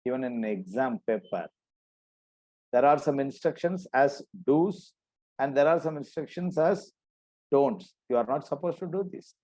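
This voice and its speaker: Man, Tamil accent, religious teacher, slow explaining, rhetorical questions. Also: medium pitch, expressive, darkish tone. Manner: slow, explaining, asks and answers his own questions. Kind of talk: online philosophy class.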